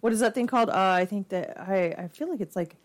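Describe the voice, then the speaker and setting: A woman's voice: medium pitch, fast talker. A woman hosting a podcast in casual chat, loose and joking, swearing freely. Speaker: podcast host.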